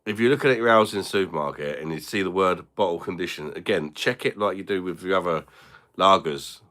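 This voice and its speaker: Deep-voiced, sweary bloke. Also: male voice, brisk, a bit bright. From Britain. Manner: blunt and sweary, banters with chat, chuckles often. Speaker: beer reviewer hosting a live stream. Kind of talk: casual live-stream chat.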